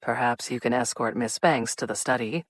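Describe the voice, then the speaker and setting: A woman's voice: very deep voice, dry recording, voice pushed down. A woman voicing a composed, wryly amused male police detective in an audiobook. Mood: measured. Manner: measured and dry.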